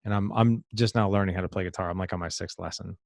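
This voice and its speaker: Gravelly low-voiced middle-aged man. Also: steady tone, fast talker, no room sound, clean studio sound. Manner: earnest, reflective, repeats words while thinking. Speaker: podcast guest. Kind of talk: conversational storytelling.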